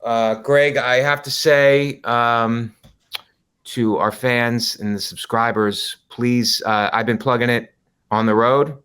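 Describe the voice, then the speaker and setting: A man chatting on a comedy podcast, spinning stories and slipping into the voices of the people he describes. His pitch sits in an ordinary middle range, and he talks loosely, with plenty of "like" and "you know". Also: steady tone, takes it slowly, fairly bright tone, clean tone. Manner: storytelling, acts out quoted people. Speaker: podcast co-host. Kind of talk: casual comedic chat.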